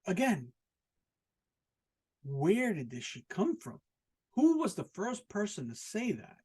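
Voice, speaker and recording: Husky, animated American man ranting. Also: high-pitched, slow pace, long pauses. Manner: profane, rambling, incredulous, laughs at his own jokes. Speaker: podcast host. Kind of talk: casual solo podcast rant. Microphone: podcast microphone, also filmed.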